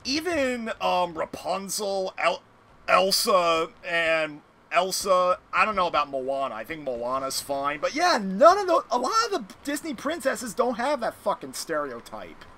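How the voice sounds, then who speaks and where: A man hosting a casual gaming podcast, talking through an animated, rambling rant with some swearing. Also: high-pitched, unhurried. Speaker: podcast host playing a video game.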